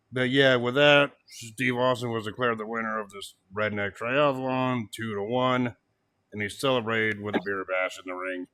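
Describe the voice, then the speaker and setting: A man in casual chat reviewing an old wrestling event, animated, cursing freely and laughing as he mimics what people said. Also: medium pitch, measured pace. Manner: animated, swears, laughs often, mocks quotes. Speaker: podcast co-host.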